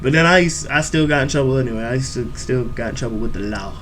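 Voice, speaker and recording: A young man telling a profane, animated story on a reaction video channel. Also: mid-range voice, fast, slight background noise. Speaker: YouTube reaction host. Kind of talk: storytelling vlog chat.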